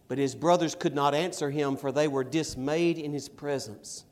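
A middle-aged man preaching and reading scripture aloud, his voice sitting a little higher than most men's. He presses hard on key words, then drops to quiet, personal asides. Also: fairly even intonation, moderate pace, hardly any pauses. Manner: emphatic, swings between loud stresses and quiet asides. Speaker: pastor.

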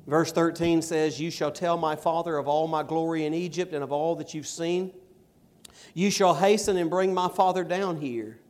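Emphatic preacher, a man, slightly high voice. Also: normal speed. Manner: emphatic, swings between loud stresses and quiet asides. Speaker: pastor. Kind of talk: sermon with scripture reading.

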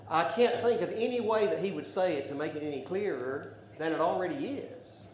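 A man preaching a sermon, building to loud emphatic declarations. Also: fairly high pitch, lively intonation, brisk, hardly any pauses. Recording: echoey room with faint background noise.

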